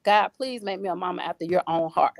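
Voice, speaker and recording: A woman's voice: lowish voice, quick pace, no room sound. Woman sharing her faith story, preachy, keeps repeating and restarting, dry close sound. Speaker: guest, single mother with a doctorate. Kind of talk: testimony in a faith talk show.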